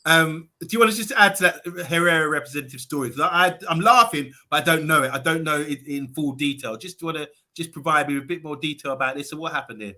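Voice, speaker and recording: Bright-voiced man hosting a podcast. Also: on the high side, fast talker, few pauses. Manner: hesitant, many fillers. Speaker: podcast host. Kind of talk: casual football podcast chat.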